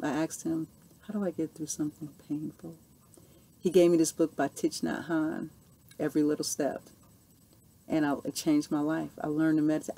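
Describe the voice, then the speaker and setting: Woman, 40s, earnest vlogger answering viewer questions, slightly low voice. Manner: earnest, animated storytelling with repeated "okay" and "you know". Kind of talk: casual Q&A monologue.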